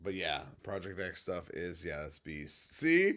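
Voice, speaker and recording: Rambling man on a late-night livestream. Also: unhurried. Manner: rambling, goes off on tangents; swings from quiet and low to loud and excited. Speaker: livestream host and business owner. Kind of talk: casual livestream chat.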